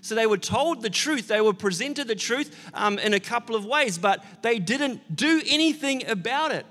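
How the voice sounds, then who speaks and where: A man's voice: very high-pitched, animated, normal speed, pushed and bright, in a large hall. A man preaching an Easter sermon, earnest and building to emphatic declarations, with casual asides and fillers. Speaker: pastor.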